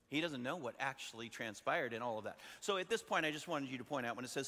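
A male pastor preaches to his congregation in a relaxed, conversational storytelling manner, often putting questions to his listeners. His voice is bright and forceful at a middle pitch. The recording carries a long reverb from a large church sanctuary. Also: fairly quick. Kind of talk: sermon.

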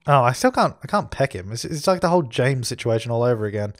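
A man's voice: mid-range voice, expressive, fast, no echo. A man hosting a let's play, chatting casually and giving orders to the characters on screen as he plays. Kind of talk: casual gameplay commentary.

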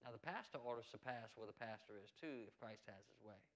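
A man's voice: lowish voice, fairly quick, fairly bright tone. Earnest preaching pastor, man. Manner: earnest, conversational preaching with repetitions and asides. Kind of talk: sermon.

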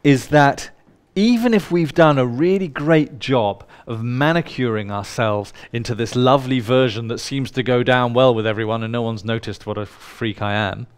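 A man's voice: medium pitch, moderate pace, hardly any pauses, clean tone. Playful, irreverent male workshop leader. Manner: playful, irreverent, swears casually. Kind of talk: live workshop talk to an audience. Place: indoor workshop room with a live audience.

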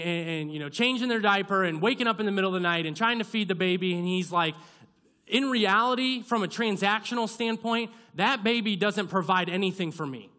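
A young male pastor delivers a sermon with a high, bright voice. He talks casually and with humor at his own expense. He slips into playful acted-out asides as he speaks. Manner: conversational, self-deprecating preaching with acted-out asides. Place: church sanctuary.

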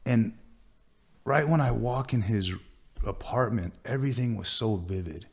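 A man, a tattoo artist, earnestly recounting a personal story in a sit-down interview, halting and restarting with many fillers. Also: mid-range voice, vocal fry, husky.

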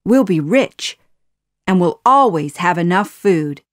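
A woman voicing a poor, kind young man in a storybook reading, gentle and hopeful. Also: fairly low pitch, animated, takes it slowly.

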